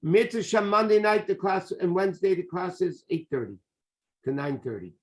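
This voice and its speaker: A man, a rabbi, teaching a lively Torah class, repeating key phrases and sprinkling in Hebrew and Yiddish terms. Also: high voice, moderate pace.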